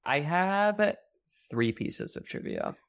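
A woman's voice: sits low, huge pitch swings, takes it slowly, vocal fry. A young woman co-hosting a casual rewatch podcast, chatty and full of fillers as she shares trivia. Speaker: podcast co-host.

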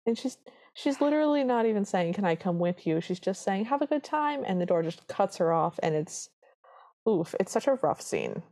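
A woman on a podcast, talking casually while she walks through a film scene by scene. Her voice sits low and mellow, and she slips into the characters' lines as she goes. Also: animated, normal speed. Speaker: podcast co-host.

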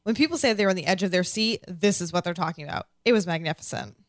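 A woman's voice: lowish voice, expressive, fast, no room sound, studio quality. A young woman co-hosting a casual podcast, reading listener comments aloud with enthusiastic, wry asides and casual swearing. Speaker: podcast co-host.

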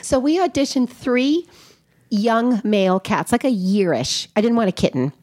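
A woman veterinarian chatting as a podcast guest, animated and quick to laugh, often asking rhetorical questions. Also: fairly high pitch. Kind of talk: casual podcast conversation.

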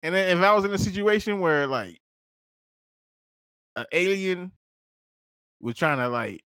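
A man co-hosting a podcast, telling a wild comic story in a loose, profane way, laughing often and jumping into squeaky high voices. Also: expressive, unhurried, sharp tone, no room sound. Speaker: podcast co-host. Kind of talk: casual comedic storytelling.

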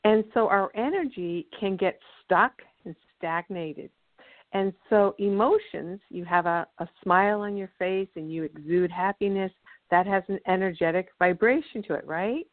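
A woman's voice: mid-range voice, moderate pace, no echo. A woman guest speaker explaining ideas earnestly and telling a story in a teaching manner. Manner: earnest, teaching, acts out quotes. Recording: tinny dry phone line.

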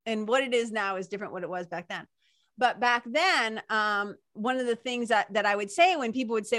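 A woman's voice: medium pitch, fairly quick, fairly bright tone, no room sound, studio quality. A woman with a Boston accent hosting a podcast interview, chatty and rambling with frequent laughs. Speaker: podcast host. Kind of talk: casual interview chat.

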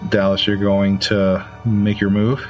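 Low-voiced man running a tabletop game. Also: soft background music. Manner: relaxed, halting, many fillers. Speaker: game master.

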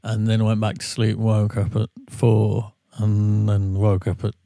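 Weary singer, gravelly and close-miked, rambling and self-mocking. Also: male voice, on the low side, completely flat delivery, a little slow, dark tone, dry recording. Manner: rambling, self-deprecating storyteller. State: tired from a sleepless night. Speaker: singer, regular guest. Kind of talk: casual podcast chat.

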